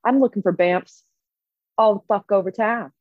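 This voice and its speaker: A woman's voice: mid-range voice, moderate pace, no echo, lightly acted. A woman playing a cocky male fighting champion who brags and swears, in a voice close to her own. The sound is dull and dry. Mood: boastful. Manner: boastful, swaggering, profane.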